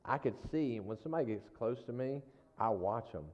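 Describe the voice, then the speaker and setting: A man's voice: mid-range voice, animated, normal speed. A man preaching in a casual, folksy storytelling style, with frequent asides to the congregation. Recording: dull lo-fi sound with long hall reverb.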